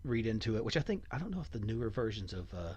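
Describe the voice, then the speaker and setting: Kentucky guy hosting a podcast, low voice, rambly and animated. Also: quick pace, breathy edge, muffled recording. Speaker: podcast host. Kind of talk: casual chat.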